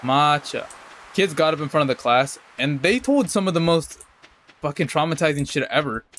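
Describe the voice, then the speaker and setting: A man's voice: on the high side, animated, normal speed, fairly bright tone, a little hiss or hum. A young adult man streaming a game, telling a rambling, profane story in a casual, laid-back way. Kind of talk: casual storytelling while gaming.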